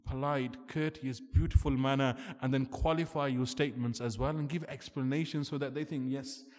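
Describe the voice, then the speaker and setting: A man's voice: medium pitch, steady tone, moderate pace, darkish tone. A man preaching an earnest, emphatic sermon, asking rhetorical questions as he lectures. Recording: long hall reverb.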